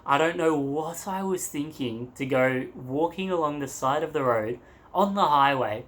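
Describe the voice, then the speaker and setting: A man's voice: on the high side, expressive, normal speed, fairly bright tone. A young man in a travel vlog, telling a story to the camera in a loose, rambling way, with laughs and crude asides. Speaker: travel vlogger.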